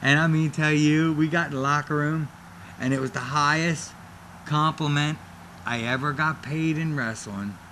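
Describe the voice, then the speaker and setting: A man's voice: a little high, moderate pace, slight background noise. A middle-aged man, a former wrestler, telling stories in a casual interview and acting out the other people's lines as he goes. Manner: animated storyteller who acts out other people's lines.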